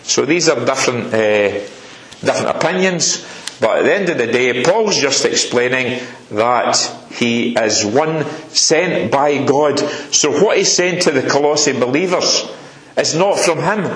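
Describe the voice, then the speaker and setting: A man's voice: medium pitch, reverberant, rough recording. A man preaching a sermon, earnest and repeating key phrases for emphasis. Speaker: lay preacher. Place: church hall.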